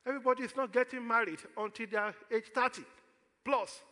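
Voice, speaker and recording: A man's voice: very high-pitched, brisk, sharp tone, long reverb tail. A man with a Nigerian accent preaching a sermon as pastor, throwing questions out to the congregation for them to answer.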